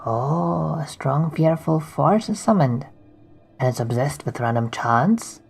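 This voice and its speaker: A game streamer reads the text of their game aloud at a slow, unhurried pace. The voice is gravelly with creak and has a husky, breathy edge, delivered plainly. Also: mid-range voice, a little mellow, faint music behind, rough recording. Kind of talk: reading game text aloud while playing.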